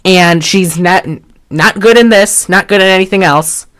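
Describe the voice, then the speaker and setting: A woman co-host on a casual film podcast speaks in a mid-range, fairly bright voice at a measured pace. She rambles, restarts a lot and swears without restraint.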